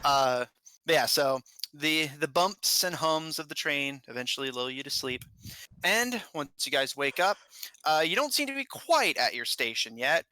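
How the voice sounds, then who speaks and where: A man's voice: a little high, lively intonation, normal speed, pushed and bright, no echo, rough recording. A man narrating as game master in a tabletop game, laughing often and using many fillers.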